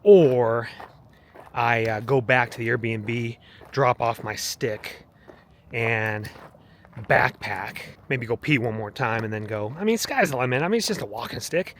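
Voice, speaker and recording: An earnest man rambles and preaches as he walks a mountain trail, his voice at an ordinary middle pitch. Faint outdoor ambience sits behind him. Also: unhurried, a bit bright, a little hiss or hum. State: walking, heart rate up. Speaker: vlogger. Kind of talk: casual walking vlog testimony.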